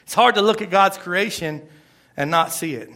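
A man's voice: high voice, normal speed, bright, forceful tone. A man preaching a sermon, emphatic and repeating his phrases. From Florida. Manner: emphatic, repeats phrases, asks the crowd "right?". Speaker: pastor.

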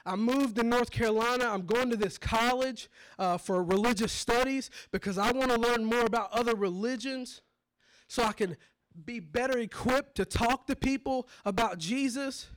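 A man preaching his testimony, telling it dramatically and swinging from hushed low moments to shouts. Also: normal speed. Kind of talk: testimony sermon.

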